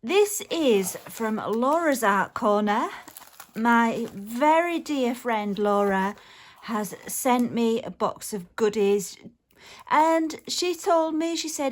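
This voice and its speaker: A woman's voice sits a touch high as she chats through an unboxing, gushing and giving little laughs as she goes. She talks slowly and unhurriedly, recorded at home on a phone. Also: expressive. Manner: chatty and gushing, frequent small laughs. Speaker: craft vlogger. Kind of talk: casual unboxing chat to camera.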